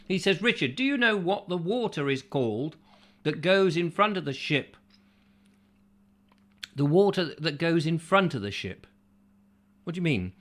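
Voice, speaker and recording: Bloke rambling through viewer comments, jokey, voice bouncing up and down a lot. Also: male voice, fairly high pitch, sing-song, a little slow, pauses often, fairly bright tone. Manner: jokey, rhetorical questions, mock-confused asides. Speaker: show host reading viewer comments. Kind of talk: rambling comic chat.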